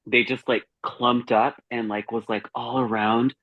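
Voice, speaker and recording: A man's voice: medium pitch, level tone, a little slow, no echo. A man chatting casually as a guest reviewer, telling rambling, profane stories. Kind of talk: casual chat. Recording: dry, dull lo-fi sound.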